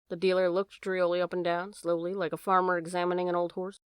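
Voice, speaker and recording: A woman narrating a short story in a measured, even reading voice. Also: lowish voice, clear, resonant tone, no echo, clean studio sound. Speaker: reader.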